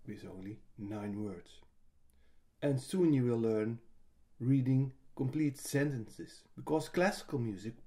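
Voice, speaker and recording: A man, a piano teacher explaining how to read rhythm, speaking slowly and patiently. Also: mid-range voice, mellow. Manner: slow, patient explanation with sung rhythm syllables. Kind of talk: music lesson, explaining and singing rhythm syllables.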